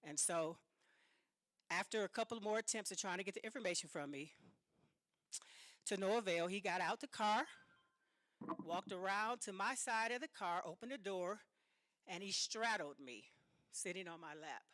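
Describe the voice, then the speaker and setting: A woman giving a speech as an author, telling a personal story in a dramatic, animated way with emphatic repetition. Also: medium pitch, normal speed, pauses often, no echo, studio quality. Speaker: speaker and author.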